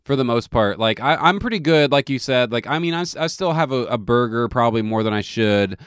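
A man's voice: mid-range voice, lively intonation, a little fast, clean tone, no room sound, studio quality. Profane, rambling man telling stories. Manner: rambling, profane, storytelling with many restarts. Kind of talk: casual chat.

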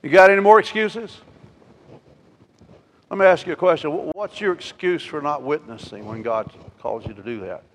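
A male pastor preaching a sermon. He swings between loud, emphatic declarations and quiet, intimate asides, and asks the congregation rhetorical questions. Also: on the high side, very animated, brisk, few pauses. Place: church sanctuary. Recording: long hall reverb.

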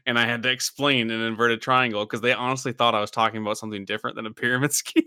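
Bright-voiced man hosting a podcast. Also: mid-range voice, little pitch movement, very fast, clear, resonant tone, dry recording, studio quality. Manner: rambling, laughs often, many fillers. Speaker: podcast host. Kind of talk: casual podcast chat.

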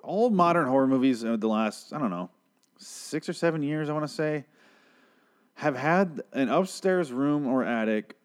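A man's voice: medium pitch, darkish tone. A man giving a casual, rambling episode recap, profane and opinionated, swearing freely. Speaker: TV show recapper.

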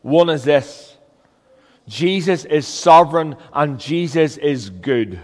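A man's voice: a little high, expressive, takes it slowly, big-room sound. A man preaching a sermon as a pastor, earnest and emphatic, with rhetorical questions.

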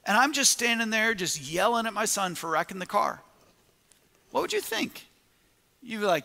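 A man's voice: high voice, very animated, moderate pace, gravelly, pauses often, bright, forceful tone, long reverb tail. A man preaching a sermon, telling a story with quoted asides and frequent restarts.

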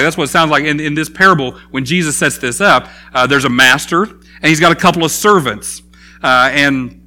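A man preaching a sermon, retelling a parable in an animated storytelling manner with acted-out dialogue. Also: fairly high pitch. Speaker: pastor.

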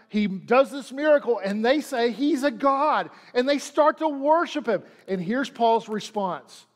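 A man's voice: very high-pitched, big-room sound. A man preaching a sermon as pastor, repeating lines and leaning hard on them for emphasis. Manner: preaching with dramatic emphasis and repetition.

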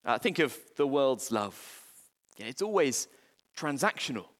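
A man preaching a sermon, earnest and halting, with frequent restarts and fillers. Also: mid-range voice, very animated. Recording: long hall reverb.

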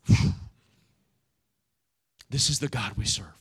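Preaching conversationally, a middle-aged male pastor keeps tacking on "right?" and shifts between loud emphasis and hushed, quiet stretches. His pitch is fairly high, his delivery animated and a little fast.

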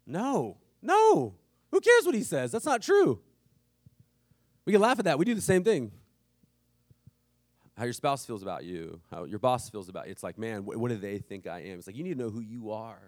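A man's voice: on the low side, sing-song, quick pace, no room sound, clean studio sound. A man in his thirties preaching a sermon, telling a family story casually and with humor. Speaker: pastor.

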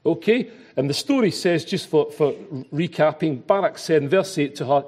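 Husky Glaswegian man preaching. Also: a little high, normal speed, few pauses. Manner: animated, chatty, self-interrupting. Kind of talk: sermon.

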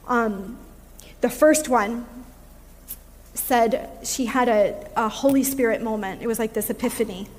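A woman giving a sermon in a reflective way, pausing on fillers and laughing softly now and then, recorded in a church. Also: on the high side, in a large hall. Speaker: preacher. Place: church sanctuary.

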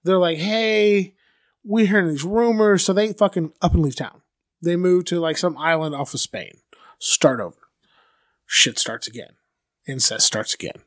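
A man's voice: high-pitched, normal speed, no room sound, studio quality. A man co-hosting a podcast, telling a true-crime story casually and crudely, with lots of fillers and acted-out quotes. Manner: loose, crude, full of fillers, acts out quoted people.

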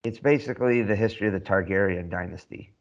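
A man co-hosting a casual chat, unhurried and informative. His voice sits a little low, and the recording sounds dull and lo-fi. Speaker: podcast co-host. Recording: dull lo-fi audio.

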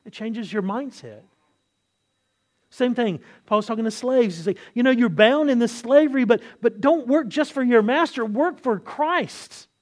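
High-voiced man preaching conversationally. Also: a little slow. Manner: conversational, rhetorical questions, frequent restarts. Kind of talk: expository sermon.

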